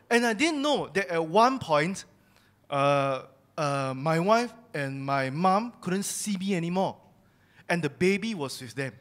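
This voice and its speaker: A young man with a notably high voice tells a personal church testimony. He speaks candidly and confessionally, admitting his own faults as he shares his story. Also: big pitch swings, measured pace, a bit bright.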